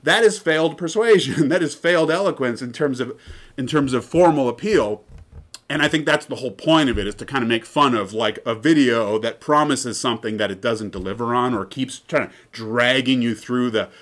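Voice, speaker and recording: A man's voice: mid-range voice, moderate pace, fairly bright tone. A man giving an informal lecture in a chatty, digressive way, often checking in with "right?".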